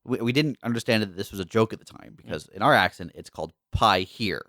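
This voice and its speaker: A young man with a fairly low voice, recorded dry and close. He tells a travel story in easygoing podcast chat and teases his co-host with quick questions. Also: lively intonation, a bit bright, no echo. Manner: teasing, inquisitive storyteller. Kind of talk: casual chat.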